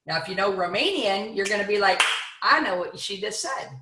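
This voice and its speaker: A woman giving an energetic, playful seminar talk to an audience, full of rhetorical questions. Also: mid-range voice, brisk, reverberant, noisy background. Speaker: motivational speaker.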